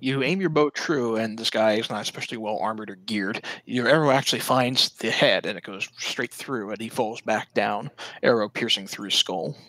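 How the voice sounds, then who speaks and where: A man's voice: fairly low pitch, normal speed, bright, forceful tone, no echo, rough recording. A man narrating a tabletop role-playing game as dungeon master, describing scenes and calling turns.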